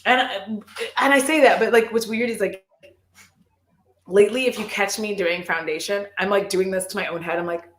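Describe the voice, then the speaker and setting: Animated, foul-mouthed woman chatting casually on a live call; room echo. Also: medium pitch, moderate pace, a little hiss or hum. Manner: swears freely, rambly and animated. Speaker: guest on a live chat stream. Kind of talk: casual chat.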